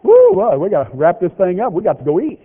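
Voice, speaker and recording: A man preaching a folksy, joking sermon, with lively swings in pitch. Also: fast talker, husky. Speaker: pastor. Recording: tinny phone-like radio broadcast of a hall.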